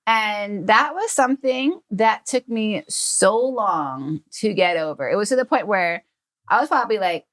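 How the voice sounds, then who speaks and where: A woman's voice: medium pitch, a little slow. Woman telling a childhood story casually. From Hawaii. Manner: animated storyteller who acts out quoted family members. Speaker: podcast guest.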